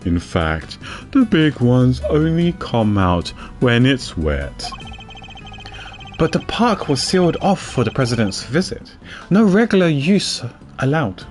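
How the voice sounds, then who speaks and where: A man putting on a bumbling game detective, loyal and eager, with a dopey put-on accent. The voice dips lower than his own and swings through a lively pitch. He rambles earnestly through his lines. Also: slow, soft background music. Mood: eager, rambling.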